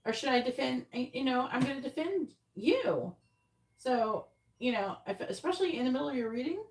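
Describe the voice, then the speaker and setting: A woman's voice: high-pitched, lively intonation, brisk, recorded from a distance, a little hiss or hum. A woman hosting a tarot live stream, bluntly scolding a viewer in chat with plenty of swearing. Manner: exasperated, scolding, blunt and profane. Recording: roomy echo, off mic.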